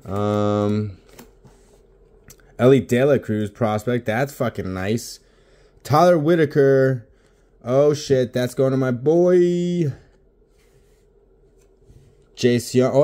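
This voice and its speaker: A man's voice: medium pitch, warm tone. A young man casually talking through opening packs of baseball cards in his home office, swearing constantly and mumbling because he is short on sleep. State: sleep-deprived. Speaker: card opening vlogger. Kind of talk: casual card-opening commentary.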